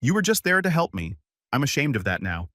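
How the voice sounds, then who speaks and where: A man's voice: medium pitch, big pitch swings, brisk, pushed and bright, no room sound, studio quality, voice pushed up. A man reading the lines of a remorseful young adult sister in an earnest, apologetic way. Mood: ashamed.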